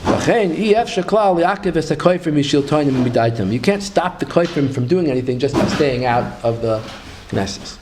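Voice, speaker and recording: A man with a Yeshivish English accent teaching a religious text, reading passages slowly and then explaining them in casual English. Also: a little high, expressive, noisy background. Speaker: Torah teacher. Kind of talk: text study lecture, reading and translating.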